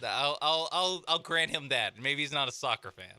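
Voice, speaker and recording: A man co-hosting a sports radio show, chiming in with quick, laughing interjections. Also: a little high, animated, pushed and bright, no echo.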